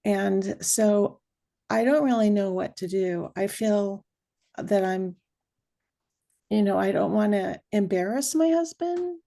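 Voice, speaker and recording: A woman asks for advice slowly and hesitantly, pausing as she searches for the words. Her voice is dark and mellow with a gravelly fry, heard over a video call. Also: medium pitch. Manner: hesitant, unsure, many pauses. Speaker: caller asking for advice. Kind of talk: hesitant question.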